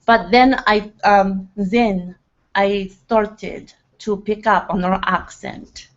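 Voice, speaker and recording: A woman's voice: mid-range voice, fairly even intonation, slow. A woman hosting a casual livestream hangout, rambling and chatting with her viewers, laughing often and using lots of "like" fillers. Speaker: livestream host. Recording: slightly dull lo-fi webcam audio.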